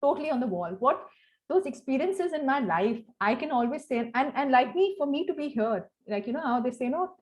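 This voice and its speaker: A woman's voice: high voice, moderate pace, poor audio. Emotional Indian woman telling stories. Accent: Indian English. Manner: emotional, animated, warm storytelling with many fillers. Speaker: host. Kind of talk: casual heartfelt chat.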